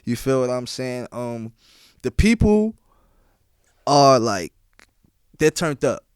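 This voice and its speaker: A man's voice: medium pitch, very animated, slow, smooth, dry recording, studio quality. A young man, a DJ being interviewed on a podcast, telling stories in casual slang and often asking "you feel what I'm saying?". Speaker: guest DJ.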